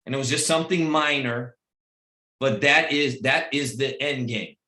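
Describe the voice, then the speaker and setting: A man's voice: mid-range voice, moderate pace. Emphatic middle-aged man, roomy echo. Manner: emphatic and repetitive, swinging from loud pep-talk to quiet personal storytelling. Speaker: team leader addressing his recruits. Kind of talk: motivational speech on a video call. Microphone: video call.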